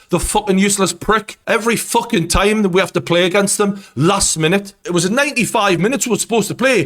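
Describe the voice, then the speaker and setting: A man's voice: sits high, a bit bright. A man giving an angry post-match football rant as host, swearing heavily. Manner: angry, heavy swearing, ranting.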